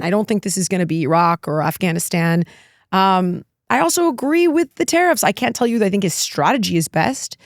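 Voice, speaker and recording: A woman's voice: mid-range voice, no echo, studio quality. A middle-aged woman from the United States, a guest speaking candidly and emphatically in an interview, often breaking into laughter. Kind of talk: candid political talk.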